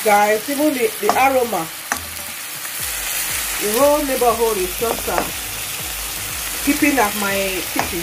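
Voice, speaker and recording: A woman's voice: a little high, a little slow, pauses often, noisy background. A woman casually talking through her cooking in a home kitchen, exclaiming over the food. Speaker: cooking vlogger. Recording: loud frying sizzle behind. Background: frying and sizzling food.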